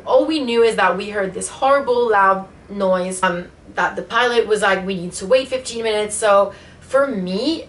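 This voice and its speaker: A woman's voice: mid-range voice, slight background noise. A woman vlogger telling a personal story in a casual storytime vlog, emotional and full of fillers. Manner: emotional retelling, many fillers.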